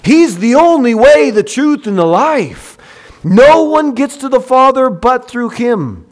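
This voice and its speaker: A middle-aged man preaching a sermon, moving between relaxed storytelling and loud, drawn-out pleading cries. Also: very high-pitched. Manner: swings from quiet storytelling to loud, slow, pleading outbursts.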